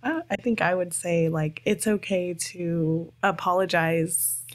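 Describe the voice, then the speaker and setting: Soft-spoken woman hosting a podcast. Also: on the low side, steady tone, a little slow. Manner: gentle, asks questions. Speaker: podcast host. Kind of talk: casual podcast interview.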